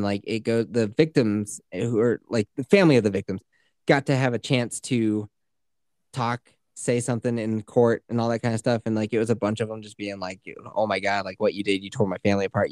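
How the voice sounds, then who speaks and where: A man's voice: fairly low pitch, fairly quick, no room sound, clean studio sound. A man in his thirties co-hosting a casual chat, telling stories with lots of swearing and acted-out quotes. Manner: profane, animated storytelling with acted-out quotes. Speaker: podcast co-host.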